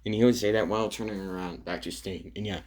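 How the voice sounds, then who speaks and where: A man narrating an improvised fan story, halting and full of fillers, with a husky voice. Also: low-pitched, fairly even intonation, darkish tone. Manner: halting, filler-heavy, many restarts.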